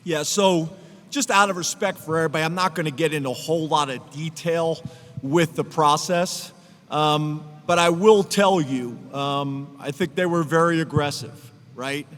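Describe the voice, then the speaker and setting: A fairly high-voiced man gives earnest, emotional press conference remarks as a head football coach. His voice rings out with the long reverb of a large room, so it sounds a little distant and washed. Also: normal speed, a bit bright, a little hiss or hum.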